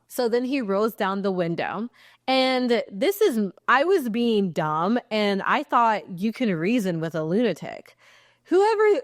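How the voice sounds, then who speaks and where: A young woman from Texas, a podcast co-host, telling a road-rage story in casual chat, swearing freely and acting out the quotes with big jumps in pitch. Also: no echo, studio quality.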